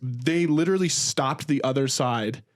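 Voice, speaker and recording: Recorded at studio quality with no echo, a young male podcast co-host chats casually, telling a story full of swearing and acted-out quotes into his mic. He talks at a normal speed in a medium-pitched voice.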